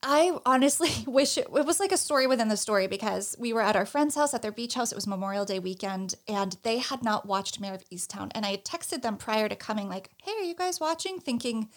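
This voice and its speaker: Chatty woman co-host, higher voice. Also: brisk, hardly any pauses. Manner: animated storyteller, laughs often. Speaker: podcast co-host. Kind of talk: casual chat.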